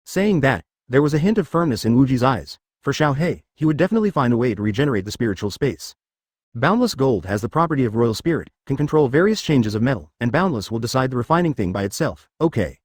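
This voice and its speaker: Man, audiobook narration, fantasy story, quick delivery, animated pitch, dry close sound. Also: dry recording.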